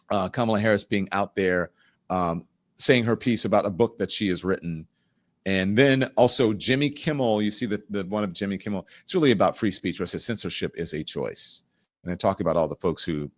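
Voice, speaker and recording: Male talk-show host, slightly low voice, candid casual delivery, animated and direct to the audience. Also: dry recording. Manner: candid, animated, talks straight to viewers. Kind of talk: casual livestream commentary.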